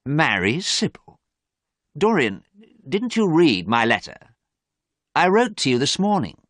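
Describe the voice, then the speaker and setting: Guy doing a smooth worldly gent, coaxing, voice pitched way up and swooping around, dry close sound. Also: big pitch swings, a little slow, fairly bright tone, no echo, full character voice. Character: smooth worldly older gentleman friend, persuasive.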